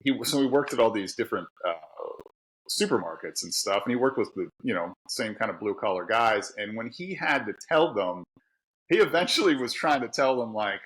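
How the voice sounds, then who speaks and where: Poor audio captures a medium-pitched, expressive, fairly bright voice at a moderate pace. The speaker is a middle-aged Pittsburgh man with the local accent, a guest author and tradesman laughing often and speaking candidly in a casual podcast conversation.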